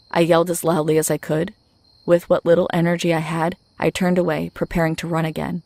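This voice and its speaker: In a low, steady voice with a gravelly edge, a woman reads a horror story told in the first person. Her scripted narration is measured and even, captured dry and close with no room sound.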